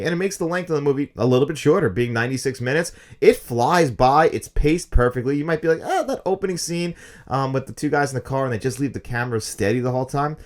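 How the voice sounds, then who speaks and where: A man in his thirties talks quickly through a casual film review, eager and opinionated. His pitch sits in a middling range for a man, and the words tumble out at a brisk clip. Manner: fast, enthusiastic, opinionated talk.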